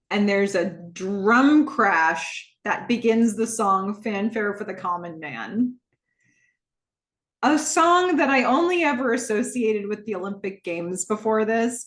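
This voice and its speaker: A woman hosting a podcast, retelling a TV episode scene by scene in a lively, laughing way. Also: mid-range voice. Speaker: podcast host. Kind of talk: casual episode recap. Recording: roomy echo.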